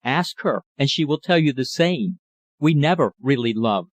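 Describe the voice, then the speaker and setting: Male narrator as a young man pleading his love, mid pitch, dry close mic. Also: expressive, moderate pace, no echo, close to an everyday voice. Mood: protesting. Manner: impassioned, pleading. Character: young male journalist, ardent lover.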